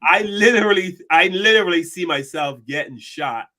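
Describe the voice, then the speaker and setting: A man's voice: high voice, normal speed, pushed and bright. A man co-hosting a casual discussion show, telling a personal story and acting out the people in it. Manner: storytelling, acts out quoted people. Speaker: podcast co-host.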